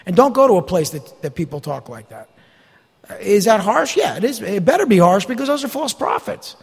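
High, lively preacher in a reverberant hall. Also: male voice, fairly quick, creaky, husky. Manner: folksy, emphatic preaching with mocking asides. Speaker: pastor. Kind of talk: expository sermon. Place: church sanctuary.

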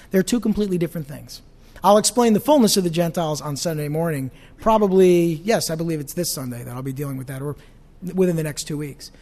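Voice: mid-range voice, darkish tone. A pastor teaching an evening Bible study in a conversational way, often asking the audience questions.

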